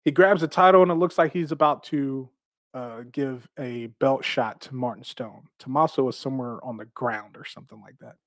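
A professional wrestler, a man, tells stories from his career in a casual, animated way, swearing freely and laughing between phrases. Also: medium pitch, moderate pace, dry recording, studio quality.

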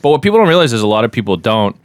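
A man's voice: mid-range voice, rapid-fire, clear, resonant tone, no room sound. A man with a Boston accent hosting a podcast in casual, jokey banter that is sprinkled with swearing. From Boston area. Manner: animated, jokey, swears freely. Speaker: podcast host.

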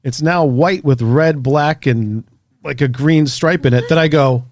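A man, an author and researcher, telling a story in a casual interview, animated and casually swearing. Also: fairly high pitch, unhurried, dry recording, clean studio sound.

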